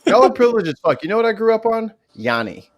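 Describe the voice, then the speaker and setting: A man's voice: high-pitched, sing-song, quick pace. Slangy laid-back man chatting. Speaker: co-host. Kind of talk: casual live-stream chat.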